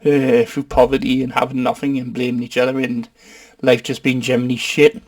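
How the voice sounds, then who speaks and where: A man's voice: mid-range voice, little pitch movement, fairly quick. Sweary, rambling Geordie man. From North East England. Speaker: film reviewer, channel host. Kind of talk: casual comic film review.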